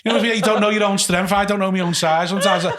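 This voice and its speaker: Fast-talking Scouse comedian. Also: male voice, high-pitched, steady tone, a loud crowd. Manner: fast, rambling, blunt and sweary. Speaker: comedian guest. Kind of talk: casual comedic banter.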